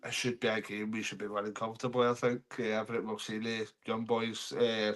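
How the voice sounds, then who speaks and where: A Scottish man co-hosting a casual football podcast, easygoing and quick to laugh. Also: on the low side, monotone, fairly bright tone. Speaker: podcast co-host.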